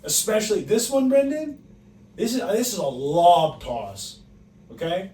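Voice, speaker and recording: Young guy on a podcast, teasing and lively, pitch jumping all over, echoey room, mic kinda far. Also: measured pace. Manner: teasing, animated, laughs often. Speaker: podcast co-host, quiz reader. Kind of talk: casual chat. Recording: echoey room, distant mic, faint noise.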